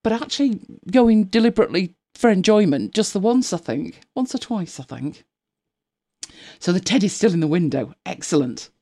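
A woman's voice: mid-range voice, lively intonation, moderate pace, dark tone. A middle-aged woman hosting a casual live stream, chatting and laughing with viewers and greeting them by name.

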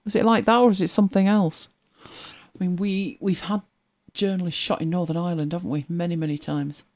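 A woman hosting a casual livestream, chatting and telling wry anecdotes as she reads viewer comments. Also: a little fast. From Britain. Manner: chatty, wry storytelling with lively pitch swings. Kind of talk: casual chat.

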